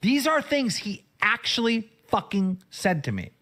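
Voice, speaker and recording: A man's voice: sits high, very animated, measured pace, pushed and bright. A man in a played clip, urgently recounting a phone call and pleading.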